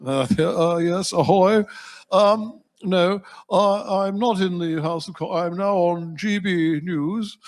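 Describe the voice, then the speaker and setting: A man impersonating a plummy, old-fashioned aristocratic male politician in a pompous, deadpan manner. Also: sits high, slow pace. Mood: haughty.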